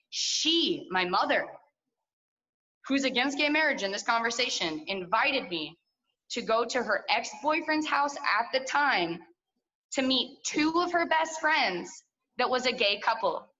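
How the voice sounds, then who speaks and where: A woman's voice: a little high, animated, measured pace, bright, forceful tone, lo-fi sound. A woman in her twenties telling a personal story at a story slam, candid and profane, full of likes and asides, heard over a video call.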